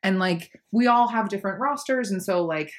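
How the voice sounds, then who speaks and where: A woman's voice: mid-range voice, lively intonation, a little fast. A young woman working on a farm, chatting candidly with lots of fillers and the odd swear word. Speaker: farm worker. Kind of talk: casual chat.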